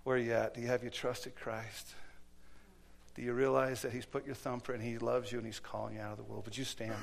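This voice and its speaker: A man preaching a sermon in a church, telling stories with acted quotes and swinging between loud and hushed delivery. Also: mid-range voice, flat delivery, brisk, creaky.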